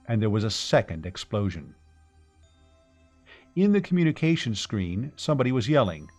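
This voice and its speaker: A man reading a science fiction audiobook aloud in a steady, even storytelling voice. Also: on the low side. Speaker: narrator. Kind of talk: scripted audiobook narration.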